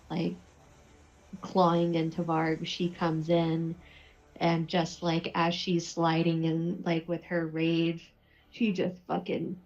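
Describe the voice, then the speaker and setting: A woman describes her character's moves in a laid-back, casual way. Her voice is low, slow and gravelly, recorded on a dull lo-fi mic. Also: a little mellow. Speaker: player. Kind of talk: casual tabletop play.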